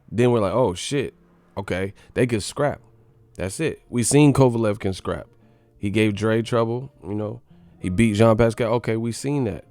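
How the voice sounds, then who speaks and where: A man's voice: lowish voice, darkish tone, clean tone, no room sound. A man doing a profane, mocking casual rant about boxing as the show's commentator. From United States.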